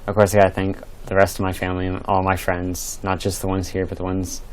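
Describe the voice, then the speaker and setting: A man's voice: low voice, monotone, fast, a little hiss or hum, rough recording. A young man, a graduating student, earnestly thanking his family and teachers in an interview, with some fillers. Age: late teens. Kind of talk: interview answers.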